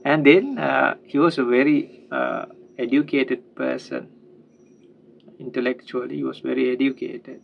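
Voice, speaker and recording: A man telling a spiritual teaching story in an unhurried way, with many fillers and tag questions. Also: medium pitch, fairly even intonation, gravelly, narrow, tinny audio, a little hiss or hum.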